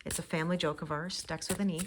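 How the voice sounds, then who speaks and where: A woman with a lowish voice talks through a weekly tarot reading in a relaxed, reflective way, laughing now and then. Cards shuffle and click clearly in the background. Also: fast, a little hiss or hum. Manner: reflective, soft-spoken, laughs often. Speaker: tarot reader. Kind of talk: casual spiritual forecast.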